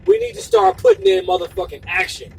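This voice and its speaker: A man delivering an impassioned, profane video monologue, repeating himself for emphasis and sometimes shouting. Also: very high-pitched, wildly swooping pitch, a little fast, gravelly, recorded from a distance, a little hiss or hum, rough recording. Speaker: video blogger.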